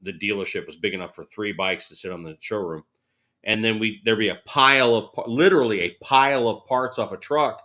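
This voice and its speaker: A man's voice: lowish voice, fairly quick. A man in his forties, a guest on an interview show, telling stories casually and acting out what others said. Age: 40s. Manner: animated storyteller, laughing, acts out quotes.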